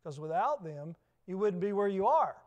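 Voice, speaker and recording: A man preaching in a Southern US accent, his voice sitting notably high for a man. He drives his points home with repeated phrases and questions put to the congregation, in the steady rhythm of a sermon. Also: moderate pace, lo-fi sound.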